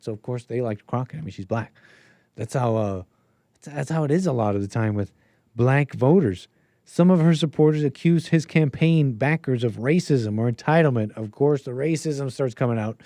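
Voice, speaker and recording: A man's voice: mid-range voice, a little mellow, no echo. A man hosting a casual political commentary stream, rambling, thinking aloud and laughing often. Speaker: host.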